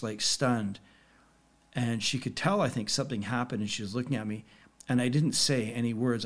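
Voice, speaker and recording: A middle-aged man, a podcast guest, recounting a personal experience in a quiet, reflective way with pauses. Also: mid-range voice. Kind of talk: personal storytelling in an interview.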